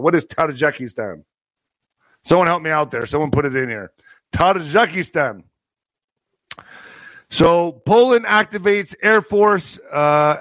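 High-pitched guy doing sarcastic news commentary, stumbles on words, dry close sound. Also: a bit bright, no echo. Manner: sarcastic, stumbles over words while reading. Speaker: streamer reading news.

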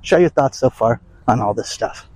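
A man's voice: medium pitch, lively intonation, moderate pace, a little mellow, slight background noise, rough recording. An older man ranting bluntly and emphatically to his audience in a rambling vlog. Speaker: vlog host. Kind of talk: casual rant to camera.

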